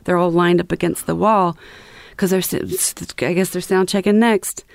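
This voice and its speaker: A woman's voice: fairly low pitch, steady tone, moderate pace, vocal fry, no echo. A woman musician telling stories in a casual interview, rambling with lots of fillers. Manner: rambling, full of "you know" fillers. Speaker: musician guest.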